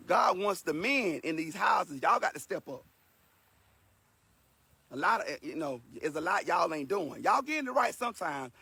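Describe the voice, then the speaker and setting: A man's voice: sits high, creaky, bright, forceful tone, husky, no echo. A man giving an earnest, emotional spoken lesson to his viewers in a casual, repetitive way. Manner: earnest and preachy, repeats himself, emotional. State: sweating.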